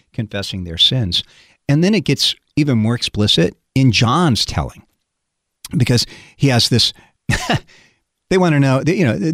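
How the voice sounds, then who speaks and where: A man's voice: fairly low pitch, dry recording, studio quality. A man who is a pastor, teaching on a hymn and reading scripture aloud with dramatic emphasis. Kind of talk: radio Bible study on a hymn.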